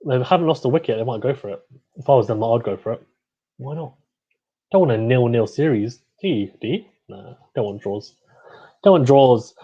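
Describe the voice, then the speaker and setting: A young man hosting a cricket watchalong livestream, reacting excitedly, groaning and pleading with each ball. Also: medium pitch, muffled recording. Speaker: livestream host.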